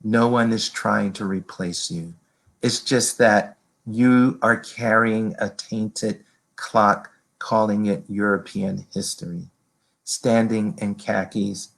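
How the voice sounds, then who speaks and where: A man reading his own poems aloud over a video call in a slow, measured way. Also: lowish voice, gravelly, a bit bright. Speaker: poet reading his work. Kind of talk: poetry reading.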